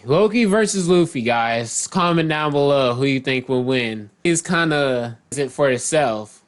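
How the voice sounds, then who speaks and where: A man's voice: mid-range voice, expressive, measured pace. A man casually recapping and commenting, rambling and often correcting himself mid-sentence. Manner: loose, rambling, self-correcting, reads out character lines. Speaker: manga chapter reviewer.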